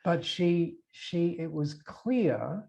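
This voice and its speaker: Australian male guest, gravelly, mellow tone, storytelling with fillers and restarts, slightly raised pitch. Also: animated, drawn-out words. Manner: anecdotal, many fillers and restarts, acts out quoted dialogue. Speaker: interview guest. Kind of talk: storytelling in a podcast interview.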